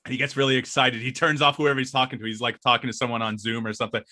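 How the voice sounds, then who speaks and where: Podcast co-host, young man, bright rambling storyteller who laughs a lot. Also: mid-range voice, flat delivery, racing. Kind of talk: casual podcast banter.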